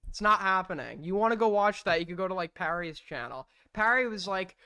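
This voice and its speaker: A man with a high, bright and clear voice holds forth on his stream, blunt and argumentative, swearing freely. The sound is dry and close. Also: animated, a little fast, no room sound. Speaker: streamer host. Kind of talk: heated live-stream commentary.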